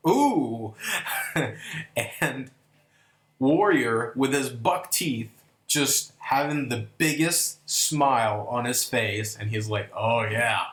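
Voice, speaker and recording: Guy doing a wrestling review, slow, lots of ums and you knows, echoey room. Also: mid-range voice, a bit bright. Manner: hesitant, many fillers and restarts; enthusiastic. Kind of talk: casual video review commentary.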